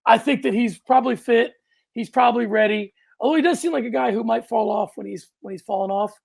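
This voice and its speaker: Here the man co-hosts a relaxed sports podcast, his very high voice carrying a gravelly roughness as he talks briskly. His delivery is animated and meandering, full of restarted sentences and sudden loud outbursts.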